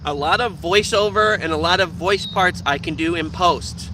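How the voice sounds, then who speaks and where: Squeaky nasal young man vlogging. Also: moderate pace, bright, forceful tone, slight background noise. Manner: profane, joking, talks with teeth hidden. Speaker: vlogger streaming live. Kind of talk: casual rambling chat.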